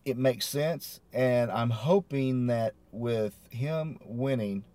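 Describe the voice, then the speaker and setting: A man's voice: mid-range voice, slow, warm tone, no room sound. A man co-hosting a podcast, agreeable and laid-back, chuckling as he chats. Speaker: podcast co-host. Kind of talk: casual wrestling review chat.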